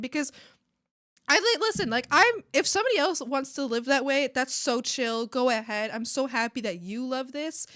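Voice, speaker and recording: A woman's voice: on the high side, fairly bright tone, dry recording. Rambling young woman streamer, dry sound. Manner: rambling and emphatic, many fillers and restarts. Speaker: art streamer. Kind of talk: casual chat while drawing.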